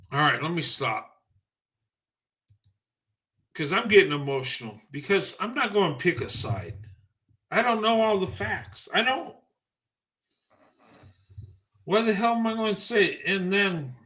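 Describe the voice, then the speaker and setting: This livestream commentator's voice sits high, sounding pushed and bright. He delivers a ranting opinion monologue, profane and emphatic, in heated bursts.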